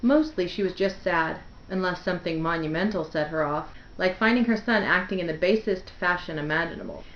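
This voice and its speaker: A woman reading the opening of a novel aloud in a measured, expressive way. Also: on the low side, a little hiss or hum. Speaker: book reader. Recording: roomy, dull lo-fi home recording.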